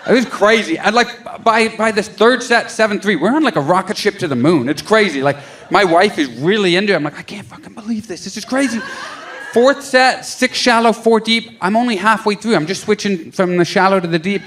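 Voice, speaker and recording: A young adult man performing a stand-up comedy set on a club stage into a handheld mic, telling a story with lively acted-out quotes. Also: high-pitched, fairly quick, hardly any pauses. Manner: animated storytelling, acting out quotes.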